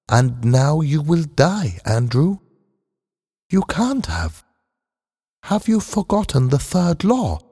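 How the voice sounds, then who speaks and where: A man's voice: vocal fry, warm tone, slightly rough, in a large hall, heavily acted. A man voicing Lee Sing, a worried woman pleading with a friend, in a read-aloud story. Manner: anxious, pleading, high-pitched.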